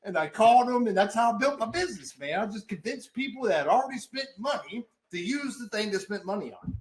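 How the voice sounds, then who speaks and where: Animated, high-pitched man telling stories. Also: quick pace, echoey room. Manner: animated storyteller, swears and laughs often. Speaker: podcast co-host and fitness trainer. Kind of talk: casual podcast chat.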